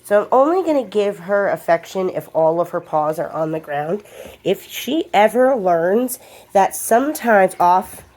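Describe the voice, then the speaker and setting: A woman's voice: mid-range voice, expressive, measured pace, darkish tone. A woman dog trainer explaining a lesson to viewers while she works a puppy, giving firm short commands in between. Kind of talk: hands-on training demonstration.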